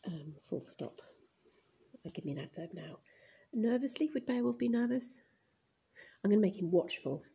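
Filmed by a phone camera pointed at the page, a woman leads a primary writing lesson, narrating and murmuring words as she writes them. Her mellow, medium-pitched voice is expressive, with vocal fry, a moderate pace and long pauses.

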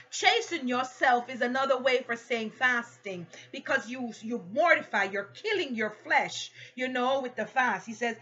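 A woman's voice: high voice, lively intonation, moderate pace, sharp tone, husky, lo-fi sound. A woman preaching a passionate sermon, exhorting her listeners with rising emphatic peaks.

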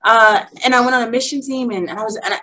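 A woman's voice: on the high side, fast talker, pushed and bright, rough recording. A young woman speaking at a women's workshop, sharing an emotional personal testimony in a heartfelt, candid way.

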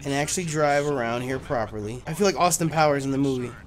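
A man streaming a driving game live, joking loudly and crudely and yelling at the characters on screen. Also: mid-range voice, fast. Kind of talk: live gameplay commentary.

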